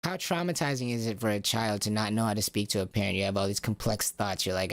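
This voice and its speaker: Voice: medium pitch, fast talker, few pauses, no echo. A stream host talking through a casual monologue, asking rhetorical questions and acting out short quoted lines from parents and children.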